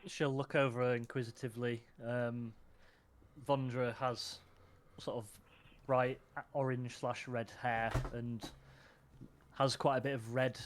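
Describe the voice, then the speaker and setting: A man playing a tabletop game, describing his character in a relaxed way with frequent ums. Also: mid-range voice, takes it slowly, a little hiss or hum. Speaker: player.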